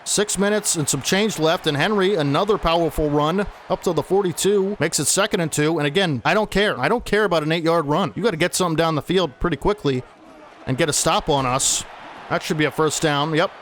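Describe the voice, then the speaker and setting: A man calling his football video game play-by-play in a fairly high voice, quick to get excited over big plays. He talks straight to his viewers like a sportscaster. A faint outdoor hum sits under his voice. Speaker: gaming commentator.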